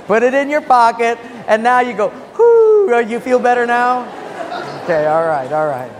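A male pastor preaching a sermon with audience participation, playful and coaxing, with dramatic slowdowns. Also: very high-pitched, background noise. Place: church sanctuary. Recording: long church reverb.

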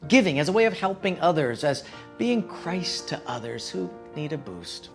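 A man's voice: fairly high pitch, big pitch swings, normal speed, creaky, faint music behind. A middle-aged male pastor preaching a sermon, telling a personal story with folksy, self-deprecating humor.

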